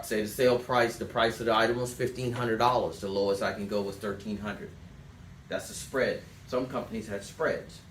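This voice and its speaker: Guy running a sales training, roomy echo, mic kinda far off, faint noise. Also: medium pitch. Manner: direct, instructive, tells listeners to write things down. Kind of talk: sales coaching talk. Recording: echoey room, distant mic.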